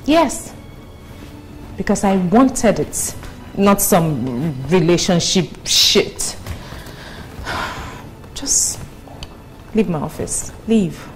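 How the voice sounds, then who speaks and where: A blunt, commitment-shy young woman, cutting people off in short, dismissive lines. Her voice sits a little low. A soft film score plays underneath. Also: lively intonation, extremely slow, long pauses, soft background music. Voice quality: curt, dismissive delivery. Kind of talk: film drama acting.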